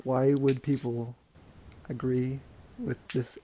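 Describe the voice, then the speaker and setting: A man's voice: mid-range voice, flat delivery, takes it slowly, dark tone, a little hiss or hum. A young man co-hosting a casual podcast chat, laid-back and agreeable. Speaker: podcast co-host.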